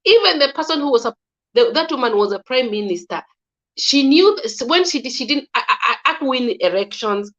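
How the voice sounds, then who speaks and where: Kenyan woman guest airing political views, halting and repetitive, higher voice, muffled low-fi line. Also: expressive, fairly bright tone. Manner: halting, with frequent restarts and repeated words. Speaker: guest commentator. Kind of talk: casual political opinion talk. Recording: slightly dull lo-fi recording.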